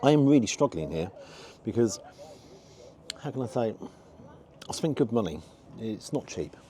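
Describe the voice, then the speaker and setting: A man's voice: mid-range voice, big pitch swings, normal speed, mellow, a little hiss or hum. A man giving a frank, disappointed running commentary as he tastes food outdoors for his review vlog.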